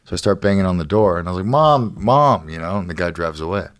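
A man with a very low voice tells a story on a podcast, swearing freely and acting out what people said. The sound is close and dry, with no room around it. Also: rapid-fire, dry recording. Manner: profane, animated storyteller acting out quotes. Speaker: guest, professional fighter.

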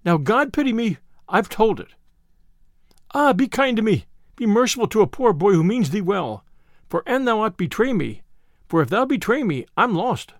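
A frightened young page boy, put on by a male narrator quakes through old-fashioned phrases in a raised, wavering voice. The pitch leaps about with fear, and the recording is close and dry. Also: sing-song, moderate pace, no room sound. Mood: pleading. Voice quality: higher, trembling, archaic speech.

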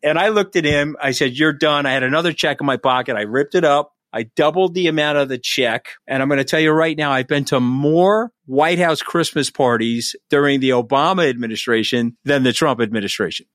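A man's voice: fairly high pitch, fairly quick, few pauses, fairly bright tone, no echo. A man telling a story in an interview, candid and punchy, setting up each beat in short sentences. He is recorded close and dry, with an ordinary mid-range voice. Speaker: guest storyteller. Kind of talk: anecdote in an interview.

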